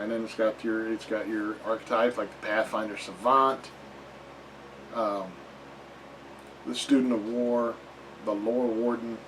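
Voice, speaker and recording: Male reviewer, mid pitch, slow and rambling, dry wry asides, sits a bit off-mic with faint room noise. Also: distant mic, poor audio. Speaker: reviewer of tabletop game books. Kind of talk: casual book review.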